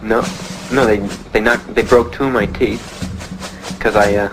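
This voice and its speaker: Young man giving halting war testimony. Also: lowish voice, steady tone, music in the background, poor audio. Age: young adult. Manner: plain, halting storytelling with many "uh" pauses. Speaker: Vietnam veteran giving testimony. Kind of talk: personal testimony.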